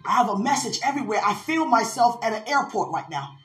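A woman's voice: a little high, lively intonation, fairly quick, faint music behind. Fervent woman preacher, echoey room. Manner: fervent preaching, call-outs to listeners. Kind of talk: prophetic sermon.

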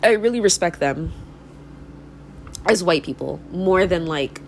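A young woman talks through a rambling, profane podcast monologue, her pitch leaping up and down as she goes. She peppers every sentence with "like" and breaks into frequent laughter. A faint hiss sits under the recording. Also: lively intonation, measured pace, vocal fry. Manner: fills speech with "like". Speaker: podcast host. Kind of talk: casual monologue.

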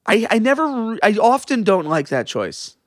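A man's voice: sits high, huge pitch swings, moderate pace, dry recording, studio quality. A young man co-hosting a podcast, chatting casually and animatedly, rambling and swearing freely. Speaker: podcast co-host. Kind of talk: casual chat.

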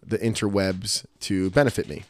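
Brief: middle-aged man, lowish voice, animated profane storyteller, dry mic. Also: moderate pace, no echo. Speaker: podcast host, martial arts school owner. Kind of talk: casual chat, storytelling.

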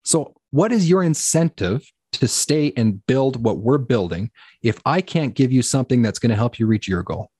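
A man who owns a business, telling stories in a fast, animated way with lots of "like"s in a casual podcast chat. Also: medium pitch, husky, no echo, studio quality. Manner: fast, animated storytelling with many "like"s. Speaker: guest business owner.

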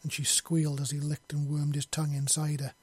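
A man's voice: a little high, completely flat delivery, a little fast, a little mellow, slightly rough, no echo. A man reading a long fantasy story aloud in an unpolished way, with slips and self-corrections. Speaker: story reader. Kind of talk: reading his own fiction aloud.

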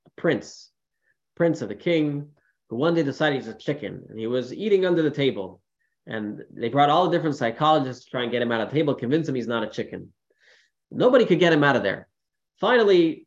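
Rabbi telling stories to a class. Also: male voice, mid-range voice, muffled recording. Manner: storytelling with animated quoted voices, many fillers. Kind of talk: informal Torah class talk.

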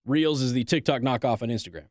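A man's voice: medium pitch, fast, a little mellow, dry recording, studio quality. A man doing sarcastic political commentary, reading news clippings aloud and breaking off to mock them with rhetorical questions. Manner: reads articles aloud then interjects.

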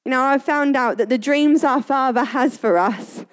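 High-voiced chatty woman. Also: moderate pace, smooth. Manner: chatty storyteller who often laughs. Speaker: Christian speaker. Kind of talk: casual devotional talk.

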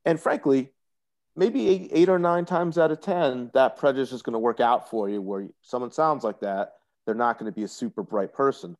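A man's voice: mid-range voice, normal speed, darkish tone. A man talking as a guest on a casual podcast, opinionated and explanatory. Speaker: guest commentator.

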